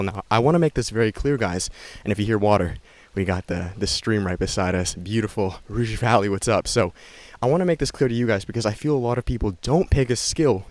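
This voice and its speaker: A man's voice: medium pitch, no room sound. A young man talking casually and energetically to a handheld camera outdoors by a stream, slightly out of breath. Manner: energetic, chatty, repeats himself. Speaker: vlogger. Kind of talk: casual vlog talk to camera. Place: outdoors in a forest valley by a stream. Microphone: handheld camera at arm's length.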